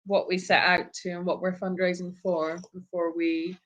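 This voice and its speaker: A woman's voice: lowish voice, little pitch movement, normal speed, fairly bright tone, low-quality recording. A British woman co-hosting a casual live Q&A from an animal sanctuary, telling things plainly and matter-of-factly. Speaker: sanctuary co-host.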